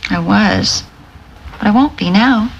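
An actress playing a gentle, hopeful pioneer mother in a 1970s TV drama, speaking softly and slowly. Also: medium pitch, slightly rough, muffled recording.

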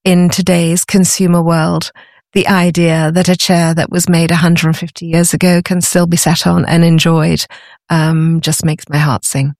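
A woman's voice: fairly low pitch, little pitch movement, a little slow, a little mellow, no echo, clean studio sound. A woman, a podcast guest, talking about her antiques business in an enthusiastic, conversational way and often restarting her phrases. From Britain. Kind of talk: conversational interview.

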